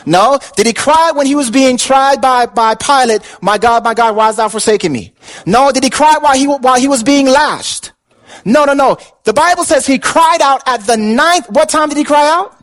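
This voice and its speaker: A man's voice: very high voice, moderate pace, fairly bright tone, low-quality recording. A man preaching a sermon with passion, asking the listeners questions and repeating words for emphasis. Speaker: pastor.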